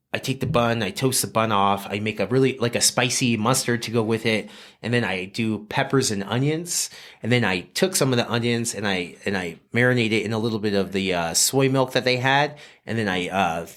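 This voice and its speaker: Lively storytelling man from New Mexico. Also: on the low side. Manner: animated, lively storytelling with frequent fillers. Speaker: guest chef. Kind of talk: casual storytelling on a podcast.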